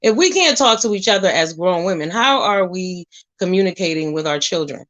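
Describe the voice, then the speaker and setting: A woman's voice: on the low side, fairly quick, low-quality recording. Blunt, profane woman ranting at the camera. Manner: blunt and profane, firing rhetorical questions; animated storytelling, drifting between loud and soft. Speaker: vlogger. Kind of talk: casual straight-to-camera rant.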